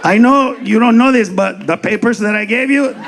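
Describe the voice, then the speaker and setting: A man's voice: high-pitched, moderate pace, background noise. A man doing a cheerfully candid kitchen worker.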